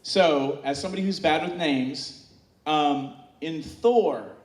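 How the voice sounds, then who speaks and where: A man telling a comic story live on stage, chatty and full of fillers and restarts, bantering with the audience and getting them to shout answers back. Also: a little high, slow, far from the mic, background noise. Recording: echoey room, heard from off-mic.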